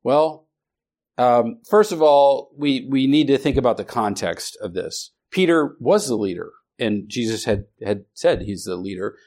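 A man teaching a Bible study class, speaking haltingly with many restarts and questions to the students. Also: medium pitch, animated, a little mellow.

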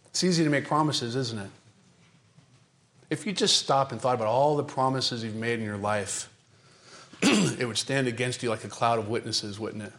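A man preaching from the pulpit in a dramatic, emphatic style, building through repeated phrases. His delivery swings between driving, quickened bursts and slow, weighty stretches. He addresses the congregation with pointed rhetorical questions. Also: mid-range voice. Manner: dramatic, emphatic delivery with repetition and sudden shifts in pace and loudness. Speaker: pastor. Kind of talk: sermon.

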